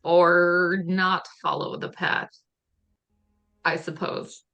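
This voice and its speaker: A woman's voice: on the low side, flat delivery, drawn-out words, creaky, fairly bright tone. Terse, formal-sounding woman player. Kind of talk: casual tabletop play.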